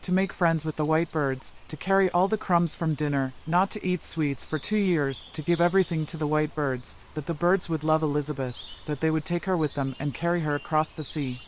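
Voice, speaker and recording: Male storyteller, slightly high voice, calm even reading of a kids' tale. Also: a little hiss or hum. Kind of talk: scripted story narration.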